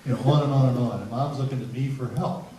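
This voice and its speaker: A middle-aged man, a psychologist, telling stories to a seminar audience in an animated, humorous way and acting out voices. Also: medium pitch, quick pace. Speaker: psychologist giving a parenting seminar. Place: large hall with an audience. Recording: roomy, distant, noisy hall recording.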